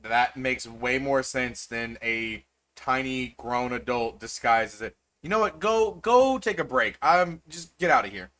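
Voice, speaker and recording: A man voicing a tall, stern male wizard officer in a tabletop game, gruff and exasperated. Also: mid-range voice, measured pace, hardly any pauses, pushed and bright, voice pushed down. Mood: weary.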